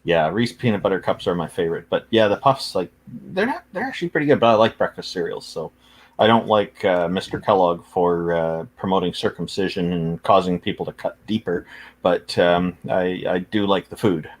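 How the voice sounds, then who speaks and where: A man with a low voice talks as a guest on a casual podcast. He speaks softly and hesitantly, often pausing on fillers as he thinks. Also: animated. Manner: soft-spoken, hesitant, many uh fillers. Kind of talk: casual chat.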